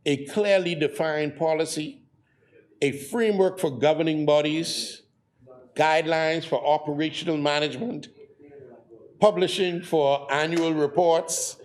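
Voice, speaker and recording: A Bahamian man addressing parliament in a formal speech. His voice sits fairly high for a man, and he moves through his points in a measured, orderly way. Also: darkish tone. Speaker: member of parliament.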